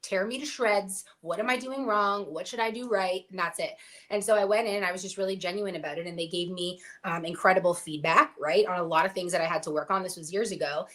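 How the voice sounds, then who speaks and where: A woman's voice: fairly low pitch, brisk, fairly bright tone. A young adult woman talking candidly about her acting work as a guest on a review show, in a casual, filler-heavy way. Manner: candid and chatty, with many fillers. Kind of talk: casual chat.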